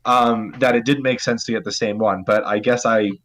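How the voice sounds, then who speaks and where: A man's voice: fairly low pitch, fairly even intonation, normal speed, a bit bright. A young man co-hosting a casual podcast, rambling with lots of likes and restarts. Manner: rambling, many fillers and restarts. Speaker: podcast co-host. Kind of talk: casual group chat.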